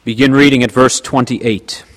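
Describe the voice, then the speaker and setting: A man with a stuffy, congested nose reads scripture aloud as a pastor in a sermon. His delivery is steady and measured, at a middle pitch. A long reverb hangs behind his voice in the hall.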